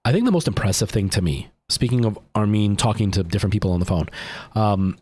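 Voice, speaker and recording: A man's voice: lowish voice, lively intonation, fast, a little mellow, breathy edge. A man livestreaming a game, chatting casually and rambling to his chat while he plays. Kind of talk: casual gameplay stream chat.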